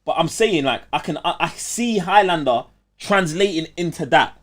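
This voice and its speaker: Man, podcast co-host, casual chat, slangy, lively swings in pitch, fairly high voice. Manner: animated, slangy, quick back-and-forth.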